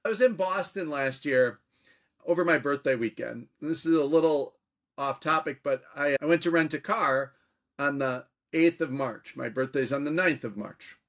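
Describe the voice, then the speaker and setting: This man's voice sits a touch higher than most. He talks chattily as a guest, spinning anecdotes and playing out both sides of the conversations he recalls. His pace moves along loosely with asides and restarts. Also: normal speed, fairly bright tone. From Minnesota. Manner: chatty, anecdotal, acts out quoted exchanges. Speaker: political commentator, guest. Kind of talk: storytelling interview talk.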